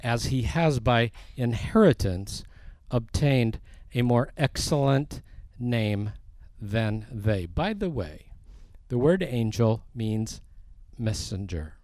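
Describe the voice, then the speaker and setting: A man's voice: mid-range voice, animated, a little mellow, no room sound. A man teaching a sermon verse by verse, reading scripture aloud and rising in force on the quoted lines. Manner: slow, deliberate, rising for emphasis on quoted scripture. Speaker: preacher.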